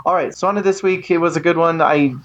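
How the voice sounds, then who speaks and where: A man calling in to a podcast, talking about the week in a relaxed, chatty, easygoing way. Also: a little high, fast, muffled recording. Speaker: caller. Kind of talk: casual voicemail recap.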